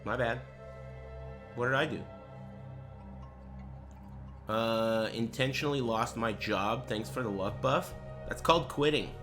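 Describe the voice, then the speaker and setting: Man, streamer, crude rambling banter, unhurried delivery. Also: medium pitch, over music. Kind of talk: casual livestream chat.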